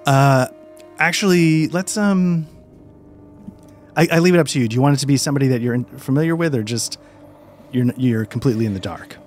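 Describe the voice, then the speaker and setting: A man running a tabletop role-playing game as game master, calmly describing scenes with frequent fillers. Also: mid-range voice, fairly quick, long pauses, soft background music. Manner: calm descriptive narration with many fillers.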